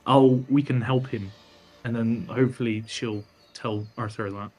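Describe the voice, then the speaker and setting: A man's voice: mid-range voice, fairly even intonation, measured pace, mellow, soft background music. A man chatting casually as a player at a tabletop game, joking and swearing freely.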